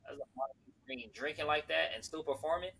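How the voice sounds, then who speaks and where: A man's voice: on the high side, fast, vocal fry, a crowd in the background. A man co-hosting a casual podcast, laid-back and profane, chiming in with short remarks. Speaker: podcast co-host. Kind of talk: casual chat.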